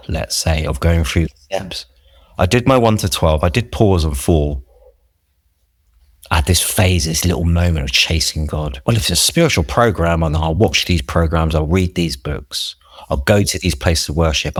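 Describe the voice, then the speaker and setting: A man's voice: sits low, no room sound, clean studio sound. A man, a podcast guest, telling his recovery story in an earnest, reflective, rambling way with many restarts.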